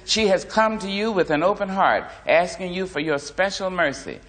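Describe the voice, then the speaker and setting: A man's voice: high voice, lively intonation, moderate pace, a bit bright, voice pushed up. A man playing a scratchy old church mother. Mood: commanding. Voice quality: scratchy, raspy. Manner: stern, commanding.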